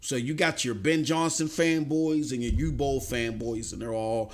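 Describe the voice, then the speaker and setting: A man hosting a gaming news live stream, ranting casually with slang, swinging from low muttering to shouting. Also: steady tone, moderate pace.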